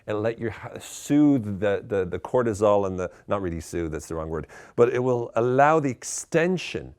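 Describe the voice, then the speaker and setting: A man's voice: on the low side, expressive, normal speed, a little mellow. A man giving mock-serious, tongue-in-cheek self-help advice in a conversational, ironic way.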